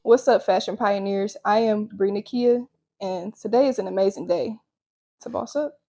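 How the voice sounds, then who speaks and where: A woman's voice: mid-range voice, moderate pace, dark tone. A woman hosting an interview, upbeat and bubbly, laughing often. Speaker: host. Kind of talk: casual interview chat.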